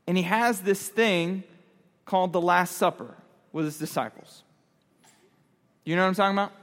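A man's voice: sits high, normal speed, a bit bright. A man giving a casual youth sermon, talking with the audience and asking them questions. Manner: conversational, asks the audience questions. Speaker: youth pastor. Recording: long hall reverb.

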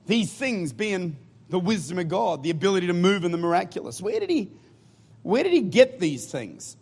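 A man's voice: sits high, sing-song, moderate pace, darkish tone, husky. A man preaching a sermon in a church, rousing the congregation with energy. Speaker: guest preacher.

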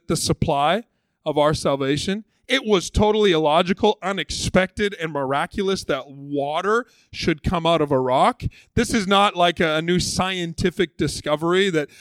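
A male pastor preaching a sermon in a fairly high voice, dramatic, dropping to hushed slow phrases and then rising again. The sound is dry and close, with little room echo. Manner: dramatic, swings from loud to hushed.

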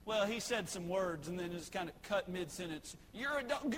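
A man preaches a sermon in a folksy storytelling manner. His voice sits fairly high. It rings in a reverberant hall with faint background ambience. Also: normal speed, slight background noise. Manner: storytelling, conversational with acted quotes.

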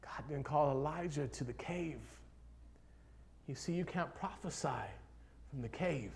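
A man preaching a sermon as pastor, moving between hushed, near-whispered passages and loud, rising exhortation, with repeated rhetorical questions. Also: fairly high pitch, measured pace, slight background noise.

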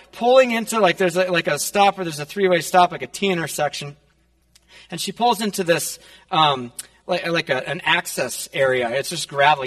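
A man's voice: high voice, bright, forceful tone, in a large hall. A male pastor preaching casually, telling a personal story with many fillers, in a church. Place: church sanctuary.

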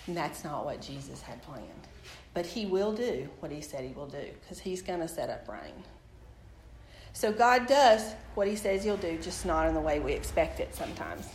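A woman's voice: deep voice, moderate pace. Storytelling woman preaching in an echoey room. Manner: storytelling, animated, addresses the audience directly. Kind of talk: sermon with personal testimony. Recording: echoey room with faint background noise.

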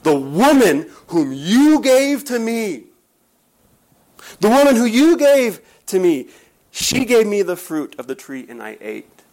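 A man's voice: high-pitched, big pitch swings, slow pace, darkish tone, pitched above the performer's own voice, heavily acted. A man acting out Adam, pleading and accusing as he shifts the blame. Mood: defensive. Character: defensive Adam blaming Eve and God.

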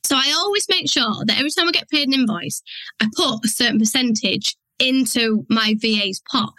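A woman's voice: on the high side, lively intonation, moderate pace, bright, forceful tone, dry recording, low-quality recording. A woman hosting a podcast alone, talking frankly and acting out her inner voice in quoted asides. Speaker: podcast host. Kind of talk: candid solo podcast talk.

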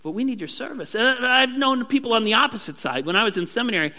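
A male pastor preaching a sermon, acting out prayers in a raised, animated voice. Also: very high-pitched, quick pace, long reverb tail.

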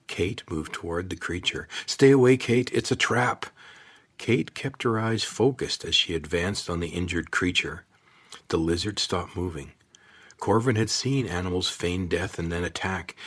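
A man narrates an audiobook in a steady, measured way. His voice sits very low, with a husky, slightly rough edge. He keeps an even storytelling pace.

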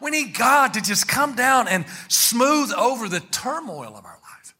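A man's voice: very high-pitched, big pitch swings, measured pace, bright, forceful tone, breathy edge. A pastor preaching a sermon, a man who talks animatedly and calls on his congregation to repeat words with him.

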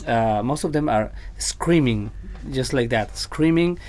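A man's voice: mid-range voice, lively intonation, a little slow, darkish tone. A man working as a vocal coach who chats casually on a podcast, often repeating words and laughing easily, with slightly phrasing.

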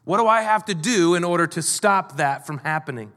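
High-voiced pastor preaching in a hall. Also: male voice, brisk. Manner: animated, shifting between emphatic and quiet. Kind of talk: sermon.

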